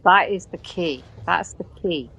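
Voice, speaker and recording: A woman's voice: lowish voice, a little slow, gravelly, pushed and bright, breathy edge, rough recording. A British woman with a West Country accent, a guest in a conversational interview, speaking earnestly and repeating points for stress. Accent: West Country English. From Britain.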